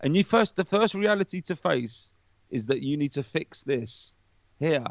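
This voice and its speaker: A man talks as a podcast guest in casual chat, preachy and animated, swearing freely. His voice has a gravelly edge. The recording is dry and slightly muffled. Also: fairly high pitch, measured pace, dry recording.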